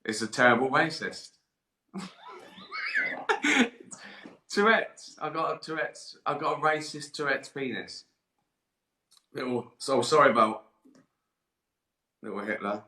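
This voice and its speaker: A man riffing through a rambling comic monologue, breaking into giggles and swearing between deadpan asides. His voice is bright and forceful, and he sounds hot and tired. The room around him rings with echo. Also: mid-range voice, takes it slowly, long pauses. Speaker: comedian hosting a live stream. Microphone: live-stream camera mic. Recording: roomy echo.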